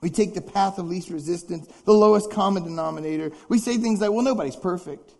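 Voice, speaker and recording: A man's voice: high voice, fast talker, gravelly, dark tone. A man preaching a sermon in a conversational, dramatic way, full of rhetorical questions. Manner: dramatic, acts out congregants' complaints. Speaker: pastor.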